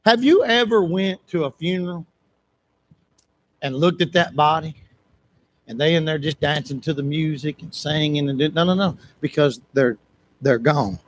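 A man preaching a sermon in church, impassioned, repeating phrases for emphasis and breaking into shouts. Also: a little high, moderate pace, a little hiss or hum.

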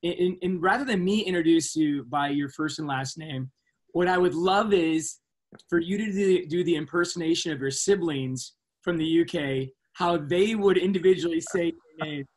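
A man's voice: fairly high pitch, moderate pace. A man, a physician hosting an interview, asking playful and upbeat questions. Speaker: host, physician.

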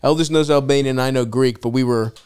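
A man hosting a podcast, teasing his guest with quick banter and frequent laughter. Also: mid-range voice, steady tone, darkish tone, clean tone. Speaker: podcast host. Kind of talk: casual chat.

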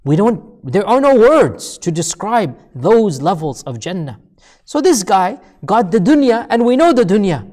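A man preaching a sermon, telling a story with emphatic repeated phrases that build up and then fall to a low, hushed voice. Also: big pitch swings, measured pace.

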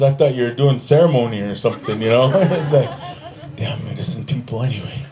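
Animated male stand-up comedian. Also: a little fast, muffled recording. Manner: animated storyteller, jumps to high put-on voices for other people; laughs often at his own jokes. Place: stage in front of a live audience.

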